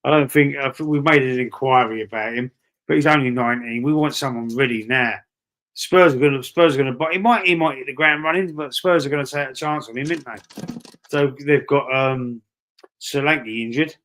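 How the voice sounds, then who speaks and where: A man's voice: mid-range voice, brisk, fairly bright tone. A man with a Cockney accent hosting a live football watch-along, chatting casually with viewers in a rambling, matey way, repeating himself and reading out comments. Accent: London Cockney. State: breathy asthma-wheezy at times. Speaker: livestream host.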